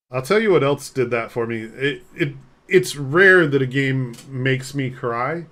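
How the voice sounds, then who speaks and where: A man's voice: mid-range voice, moderate pace, fairly bright tone, slight background noise. Casual man chatting on a live game stream. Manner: rambling, self-deprecating, reads chat aloud and answers.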